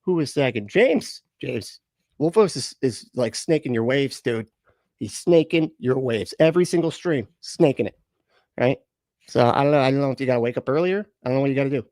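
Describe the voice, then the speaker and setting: A man's voice: medium pitch, lively intonation, brisk, a little mellow, no echo, clean studio sound. A man hosting a live stream in casual chat, greeting viewers with rambling, chuckling, self-correcting asides.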